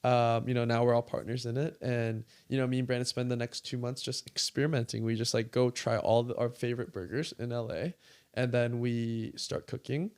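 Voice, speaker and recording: Man, casual interview guest, chatty storyteller, lots of "like", mid-pitched voice. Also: fairly quick, clear, resonant tone. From California. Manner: animated, fills speech with "like", acts out quoted dialogue. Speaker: guest creator.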